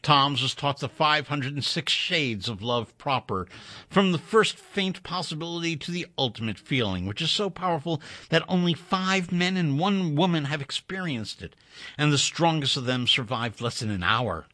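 Expressive man reading a wry story. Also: a little high, no room sound. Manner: expressive, wry, measured delivery. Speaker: narrator.

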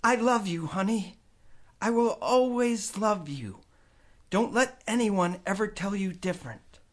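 A man's voice: high-pitched, expressive, a little slow, voice pushed up. A man doing a tender, pleading mother. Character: worried loving mother leaving home.

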